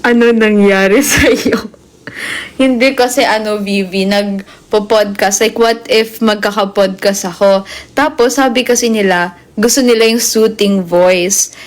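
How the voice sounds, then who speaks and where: A woman's voice: mid-range voice, steady tone, a little slow. A young woman with a Filipino accent chatting on a live stream at home, giggly and playful. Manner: giggly, playful, mixing English into Tagalog. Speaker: livestreamer. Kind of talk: casual chat on a live stream.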